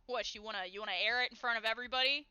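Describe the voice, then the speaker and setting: A woman's voice: fairly high pitch, expressive, normal speed, sharp tone, no room sound, lo-fi sound. A woman voicing a haughty, sarcastic male character who mutters blunt remarks. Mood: aggravated.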